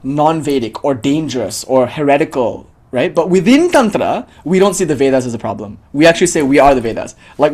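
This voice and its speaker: A man giving a casual spoken lecture on a spiritual tradition, animated and chatty, with lots of fillers and free swearing. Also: a little high. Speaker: teacher of tantric tradition.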